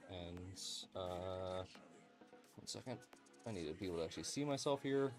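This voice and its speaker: Tired low-voiced man hosting a stream. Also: animated, moderate pace, over music. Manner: joking, swears freely, sounds tired. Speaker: livestream host. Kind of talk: casual chat.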